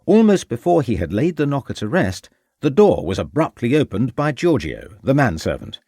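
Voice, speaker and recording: A man narrating a crime audiobook in a steady storytelling delivery. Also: mid-range voice, normal speed, breathy edge, no room sound, clean studio sound. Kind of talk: scripted narration.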